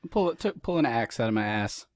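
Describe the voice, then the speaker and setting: A man's voice: medium pitch, very animated, a little fast, no room sound. A man co-hosting a casual podcast chat, jumping in playfully with quips and jokes. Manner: playful, jumps in with quips and silly voices. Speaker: podcast co-host.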